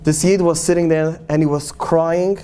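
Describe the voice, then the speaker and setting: A man, a rabbi, telling stories to an audience in English, animated and acting out the people he quotes. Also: on the high side, moderate pace, slight background noise. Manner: animated storyteller, acts out quoted voices, Yiddish-laced English. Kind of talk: storytelling talk to an audience.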